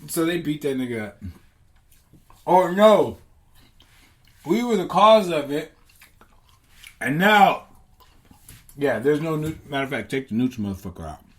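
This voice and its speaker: Slow, rambling man on a podcast. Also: a little high, lively intonation. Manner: meandering, self-correcting, profane. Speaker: podcast host. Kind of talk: rambling comedic podcast chat.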